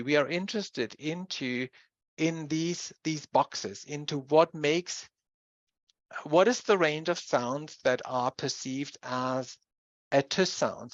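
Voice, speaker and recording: Lecturer talking thru a uni class, lots of pauses n restarts, dull dry sound. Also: medium pitch, a bit bright, dry recording. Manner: explanatory, with pauses and self-corrections. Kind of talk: university lecture.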